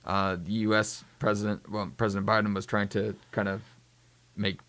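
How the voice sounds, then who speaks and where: Lower-pitched male co-host, agreeable and conversational. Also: monotone, normal speed, fairly bright tone. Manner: agreeable, adds brief backchannels. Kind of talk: casual panel discussion.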